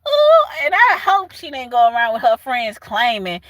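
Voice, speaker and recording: Southern lady chatting w her stream, kinda high voice, laughs a lot. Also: normal speed, no echo. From southern United States. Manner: animated, laughs often, talks back to chat. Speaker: livestream host. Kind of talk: casual livestream chat.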